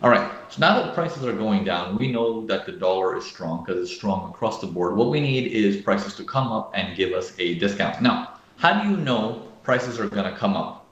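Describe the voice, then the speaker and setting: A man's voice: fairly low pitch, lively intonation, moderate pace, hardly any pauses, a bit bright. Man teaching chart analysis, echoey lo-fi audio. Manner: explanatory, repeats "okay?", acts out panicking traders. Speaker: trading educator. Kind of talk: live market analysis.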